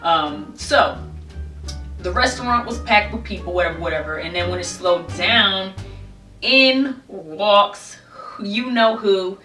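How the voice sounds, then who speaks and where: A young woman telling a casual storytime, animated, bursting into high squeals when she quotes herself. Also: slow pace, recorded from a distance. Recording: echoey room, voice a bit off-mic, faint music behind.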